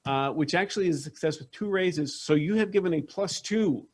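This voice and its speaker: A man's voice: a little high, a little fast. A man running a tabletop game as game master, upbeat and chatty, with many fillers.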